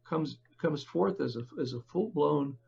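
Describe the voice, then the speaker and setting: An older man, a book author, speaking as a podcast guest in a halting, conversational way with many fillers and restarts. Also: fairly high pitch, vocal fry, warm tone, dull audio, a little hiss or hum. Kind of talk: conversational interview.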